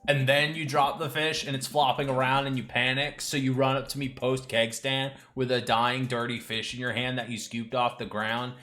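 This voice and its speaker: A man's voice: mid-range voice, flat delivery, moderate pace, hardly any pauses, sharp tone, close to an everyday voice. A man reading out a cheerful jock dad. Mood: storytelling. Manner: casual bro talk. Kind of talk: reading game dialogue aloud.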